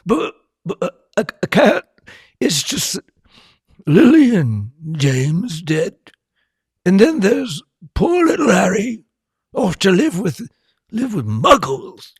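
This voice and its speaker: A man's voice: mid-range voice, big pitch swings, slow, creaky, breathy edge, dry recording, clean studio sound, voice pushed up, full character voice. A man voicing a grieving, tender-hearted giant of a gamekeeper who stammers and sobs. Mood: sobbing. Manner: sobbing, stammering.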